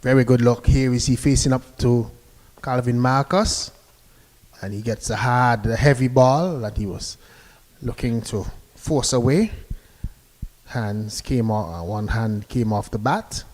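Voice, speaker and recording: A man giving live cricket commentary, chatty and relaxed, sending greetings to listeners between deliveries. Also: mid-range voice, measured pace.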